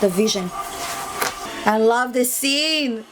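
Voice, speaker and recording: A woman's voice: a little high, animated, slow pace. A woman chatting casually to herself while reacting to a film at home, muttering asides as she watches. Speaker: movie reaction host. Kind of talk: casual movie reaction commentary. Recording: noisy home recording with background hiss.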